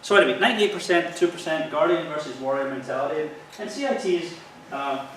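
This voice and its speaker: A police officer delivers a training talk to an audience, earnestly explaining and walking listeners through stories from his calls. His voice sits on the high side with a quick pace and a fairly bright tone. The mic is far off in an echoey hall, with slight background noise.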